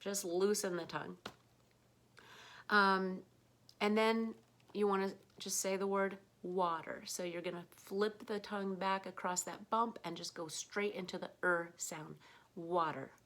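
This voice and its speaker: A woman's voice: medium pitch, fairly even intonation, a little slow, a bit bright. A woman with an American accent teaching English pronunciation in a casual, unscripted lesson, patient and full of ums as she demonstrates sounds.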